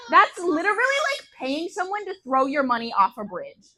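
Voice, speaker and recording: A young woman in her teens performing a stand-up set on a bar stage, telling deadpan stories that jump to loud punchlines. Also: high-pitched, moderate pace, low-quality recording. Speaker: stand-up comedian.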